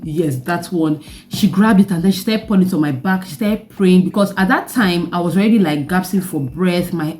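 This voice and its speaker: A young Nigerian woman with a Nigerian accent, telling a personal story in a vlog with animated delivery and laughing asides. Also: lowish voice. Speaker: vlogger.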